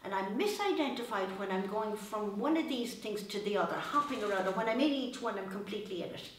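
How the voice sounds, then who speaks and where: A woman's voice: medium pitch, lively intonation, a little fast, a little hiss or hum. A woman giving a reflective personal talk to an audience, chatty and searching, often quoting what others told her. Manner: conversational, searching, often quotes others and laughs at herself. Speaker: speaker at a spiritual talk. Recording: very echoey hall, voice far from mic.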